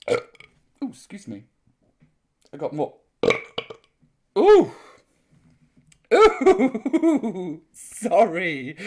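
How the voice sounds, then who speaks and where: An older woman hosting a live chat stream, reading out viewers' comments in a cheeky, sweary, rambling way, sounding a little tipsy. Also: mid-range voice.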